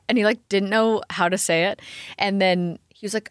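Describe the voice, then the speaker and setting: A woman's voice: medium pitch, fast talker, dry recording, clean studio sound. A woman in her thirties, a podcast guest, chatting and acting out quotes from her stories. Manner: chatty, animated, acts out quotes. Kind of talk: casual chat.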